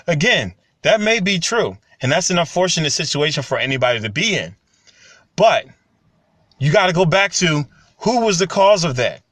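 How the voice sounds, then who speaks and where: A man, talking casually and getting animated when he tells stories. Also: a little high, normal speed, no echo. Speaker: commentary channel host. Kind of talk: casual monologue to camera.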